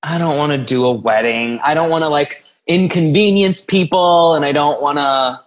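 A man co-hosting a podcast in casual chat, teasing and chatty with quick asides. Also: a little high. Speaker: podcast co-host.

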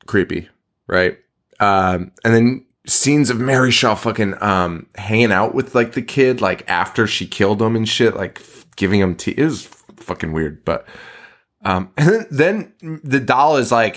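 A man's voice: on the low side, expressive, moderate pace, a bit bright. A man hosting a podcast, recapping a movie in a casual, profane style, laughing often. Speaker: podcast host.

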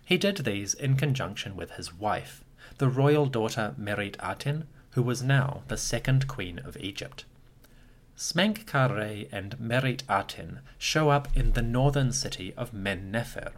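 A man hosting a history podcast, reading a scripted narration with lively storytelling and occasional wry asides. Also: medium pitch, gravelly. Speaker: podcast host.

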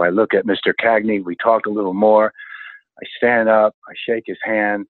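An older man in his sixties spins animated stories about his stunt career, exclaiming as he goes. His voice sits a bit low and comes through a dry, tinny, phone-like line. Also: moderate pace, no room sound. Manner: animated anecdotes, exclaims often. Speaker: stunt coordinator guest. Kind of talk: storytelling interview chat.

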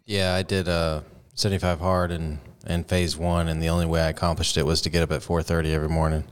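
A Texan man hosts a casual interview in a friendly, chummy way, laughing often. His voice is very deep. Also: little pitch movement, fast, smooth. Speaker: interview host.

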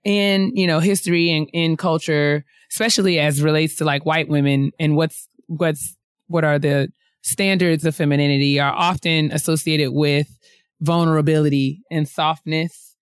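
A woman co-hosting a casual book discussion podcast, talking haltingly with many restarts and frequent laughter. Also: low-pitched, fairly even intonation, smooth, dry recording, clean studio sound. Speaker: book club co-host.

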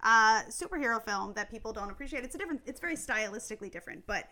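Woman, casual chat, enthusiastic, laughs easily, bright tone, slightly high. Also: expressive, racing.

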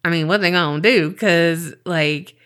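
A woman's voice: fairly low pitch, a little slow, fairly bright tone, clean tone. A woman with a Southern US accent co-hosting a podcast, reading a listener's email aloud and then chatting casually with lots of fillers and swearing. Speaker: podcast co-host.

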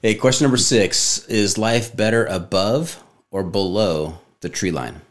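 A man's voice: lowish voice, a little slow. A man hosting a casual podcast interview, asking questions in a playful, jokey way. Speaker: podcast host.

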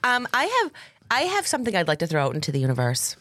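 A woman's voice: mid-range voice, wildly swooping pitch, fast talker, fairly bright tone, dry recording. A woman with a Massachusetts accent co-hosting a true crime podcast, chatting casually and reading news articles aloud with asides. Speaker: podcast co-host.

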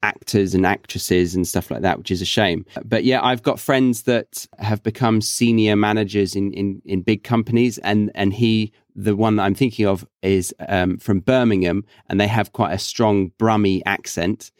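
Southern British man, low voice, podcast host, easygoing chat, dry close sound. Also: normal speed, few pauses, dry recording. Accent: neutral Southern British. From England. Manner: relaxed, thoughtful, with fillers and self-corrections. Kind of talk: casual chat.

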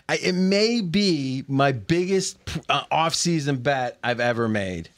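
Upbeat male betting-show host, lively pitch, laughs a lot, tells long stories. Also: unhurried, few pauses. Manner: animated storyteller, laughs often. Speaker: podcast host. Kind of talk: casual sports betting chat.

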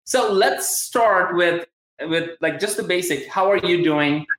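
A man's voice: high voice, measured pace, a bit bright. Male livestream host, Southern US accent, upbeat and rambling, webcam audio in a roomy space. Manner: enthusiastic, rambling, many restarts. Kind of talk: live-streamed interview.

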